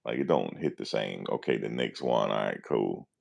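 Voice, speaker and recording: A man, talking casually and deadpan to his viewers, musing and repeating himself in slangy speech. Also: a bass voice, normal speed, creaky. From New Jersey, USA. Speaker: vlogger. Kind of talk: casual rambling monologue.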